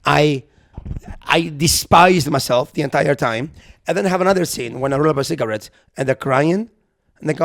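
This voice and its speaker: A man co-hosting a podcast, telling a comic story in casual chat, animated and swearing, acting out the people he quotes. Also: fairly high pitch, quick pace, creaky. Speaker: podcast co-host. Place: podcast recording.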